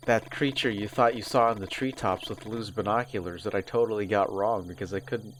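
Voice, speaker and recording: A man's voice: on the low side, fairly quick, a little hiss or hum. A man reading a visual novel aloud and reacting with casual swearing. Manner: reads game text aloud, then reacts with casual swearing. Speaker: game streamer.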